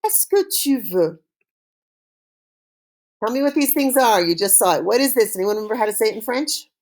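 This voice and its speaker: A woman teaches French vocabulary to students watching a recording, her pitch lively and rising and falling. She says each word slowly, leaves room for the class to repeat it, and praises them cheerfully. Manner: slow call-and-repeat drilling with cheerful praise. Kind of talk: recorded online language lesson.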